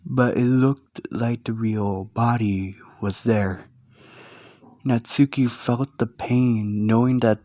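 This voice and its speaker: A man narrating a fan story in a halting, hesitant way, speaking quietly with a sore throat. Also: fairly low pitch, no room sound, studio quality.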